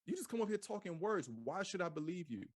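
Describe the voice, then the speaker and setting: A man gives a loose, slang-laced scripture lesson in a high, lively voice that swoops up and down. He keeps repeating himself and throwing out questions. The sound is close and dry. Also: fast, no room sound. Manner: animated, repeats phrases, asks rhetorical questions; casual slang-laced delivery. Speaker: Bible teacher. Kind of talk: informal scripture teaching.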